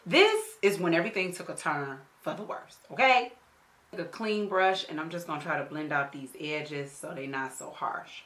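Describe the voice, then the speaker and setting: A woman's voice: on the low side, sharp tone. A woman beauty vlogger telling a personal story in a casual, slangy, profane way while doing her makeup, often checking in with the viewer. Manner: talks straight to the viewer with frequent check-ins. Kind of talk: storytelling during a makeup tutorial. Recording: echoey room.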